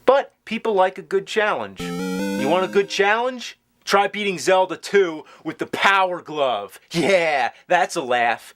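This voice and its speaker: A man's voice: sits high, animated, a little slow, fairly bright tone, faint music behind. Sarcastic man reviewing a video game. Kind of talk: scripted review narration.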